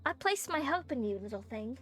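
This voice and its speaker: A woman voicing an ancient, solemn guardian spirit of a cat shrine in a put-on semi-Australian, semi-British accent, with a slow storytelling delivery. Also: high voice, big pitch swings, fairly bright tone, soft background music.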